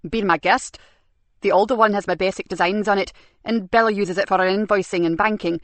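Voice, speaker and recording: A woman's voice: medium pitch, fairly even intonation, brisk, no room sound, natural voice. A woman voicing a mild, absent-minded middle-aged man who designs websites, open and matter-of-fact. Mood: calm.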